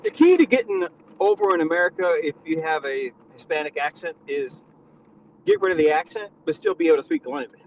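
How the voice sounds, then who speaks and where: A man hosting a live stream, teasing his guest with mock-serious, deadpan lectures in casual banter. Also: fairly high pitch, a little fast, a little hiss or hum, low-quality recording. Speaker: stream host.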